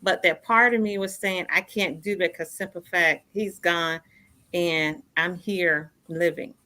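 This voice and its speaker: A woman's voice: on the low side, steady tone, a little slow, sharp tone. A woman in her fifties telling her own story as a radio show guest, earnest and repeating phrases for emphasis. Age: 50s. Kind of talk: personal storytelling in a radio interview.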